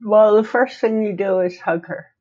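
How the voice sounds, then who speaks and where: A middle-aged woman co-hosting a casual podcast, speaking gently and reassuringly. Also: mid-range voice, moderate pace, muffled recording. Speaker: podcast co-host.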